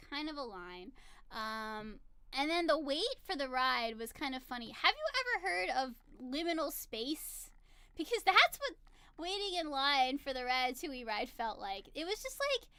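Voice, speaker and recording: A woman's voice: high voice, a bit bright, dry recording. A woman vlogger chatting casually to camera, giggling often and filling her talk with "like" and "um". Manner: chatty, giggly, lots of fillers. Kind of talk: casual chat.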